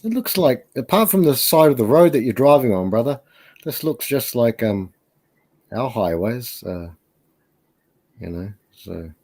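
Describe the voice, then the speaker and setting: A man's voice: mid-range voice, big pitch swings, a little slow, pauses often, darkish tone. A man talking as a guest on a casual live stream, rambling and hesitant with lots of fillers.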